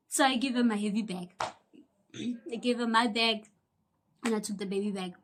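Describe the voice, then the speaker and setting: A young South African woman telling a personal story in a casual, animated way, acting out the people she quotes and sometimes dropping into a whisper. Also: on the high side, normal speed, long pauses. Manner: animated, acts out quoted voices, drops into whispers. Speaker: YouTuber.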